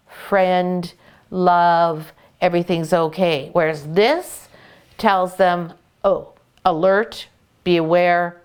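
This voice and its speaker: A woman's voice: medium pitch, clear, resonant tone. A woman breeder with a Canadian accent, talking through her puppies' names and care in a casual, explaining way. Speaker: dog breeder. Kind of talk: casual educational vlog.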